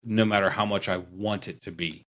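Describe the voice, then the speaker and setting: A man chatting casually on a podcast about wargaming, talking in a rambling, animated way. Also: low voice, normal speed. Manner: rambling, animated, mocking impressions. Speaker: podcast guest; tattoo artist.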